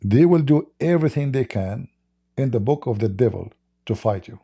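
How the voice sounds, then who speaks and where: A man hosts a livestream and tells a story in rushed, emphatic bursts of non-native English. His voice is dark, gravelly and a little husky. He presses every point hard. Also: medium pitch, expressive. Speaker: livestream host.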